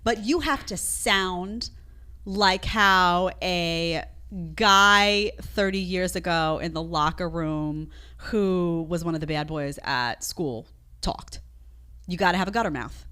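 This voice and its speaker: A woman giving opinionated commentary in a low voice that swings widely in pitch. She sounds indignant and sarcastic, hammering her points with emphasis. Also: bright, forceful tone. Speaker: commentator reacting to a clip.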